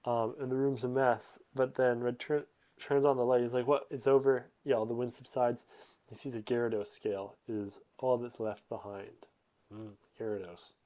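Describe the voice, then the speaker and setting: Man, mid-pitched, rambling casual storyteller, loose filler-heavy delivery. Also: flat delivery, moderate pace, mellow. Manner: rambling, many fillers and restarts, voices characters loosely. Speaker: narrator summarizing a comic.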